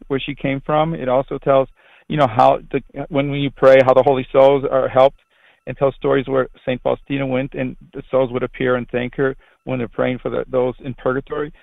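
A man's voice: medium pitch, vocal fry, dry recording. A middle-aged man who is a priest, giving earnest, rambling interview answers with frequent restarts. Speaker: Catholic priest. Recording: tinny phone line, dry.

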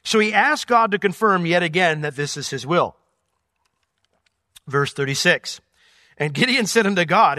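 A man teaching through a Bible passage verse by verse, swinging between loud emphatic points and quiet asides. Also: high voice, expressive, normal speed, pauses often, dry recording, clean studio sound. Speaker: pastor.

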